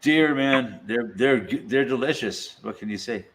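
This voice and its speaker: A man's voice: medium pitch, a little slow, a crowd in the background. A man hosting a casual podcast chat, laid-back, laughing often and swearing casually. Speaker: podcast host.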